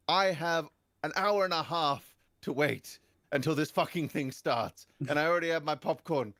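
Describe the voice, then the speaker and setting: Animated, swearing young man. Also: no room sound, studio quality. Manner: animated, profane, big swings in pitch and volume. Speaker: podcast panel guest. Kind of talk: comedic storytelling in casual chat.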